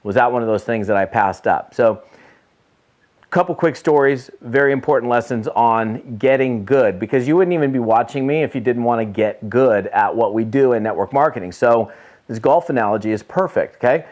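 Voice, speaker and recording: A man's voice: medium pitch, normal speed, a little mellow. A middle-aged man, a network marketing trainer, telling a story to camera in a casual motivational talk and repeating points for emphasis.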